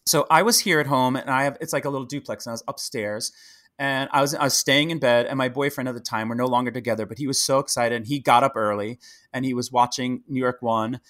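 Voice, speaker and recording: A middle-aged man and Broadway actor, talking as a podcast guest in a chatty, animated way, full of fillers and restarts. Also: mid-range voice, fast. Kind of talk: casual interview chat.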